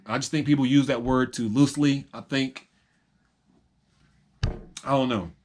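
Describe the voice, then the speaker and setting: Guy rambling on his vlog, kinda halting, lots of ums, just thinking out loud to camera. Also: medium pitch. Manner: reflective, halting, with many ums and restarts. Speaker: vlogger and reseller.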